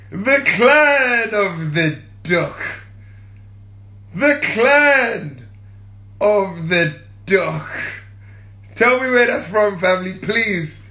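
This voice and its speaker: A man hosting a casual livestream, playful, laughing often and stretching out shouted catchphrases. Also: high-pitched, echoey room. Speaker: livestream host.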